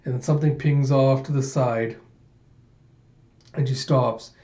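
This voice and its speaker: A man's voice: medium pitch, steady tone, measured pace, warm tone. A man reading through a comic casually, retelling the panels with playful asides, in a dull lo-fi recording. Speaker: comic reader. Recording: dull lo-fi sound.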